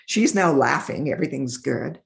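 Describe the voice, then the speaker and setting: A middle-aged woman in a podcast interview, telling stories in an animated way and acting out the voices of the people in them. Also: rumbling low, normal speed, gravelly. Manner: animated, acts out voices in her anecdotes. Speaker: developmental optometrist.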